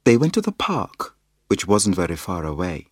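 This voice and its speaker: A man reading a children's picture book aloud in a slow, expressive storytelling manner. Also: sits low, no echo, studio quality. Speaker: storybook reader.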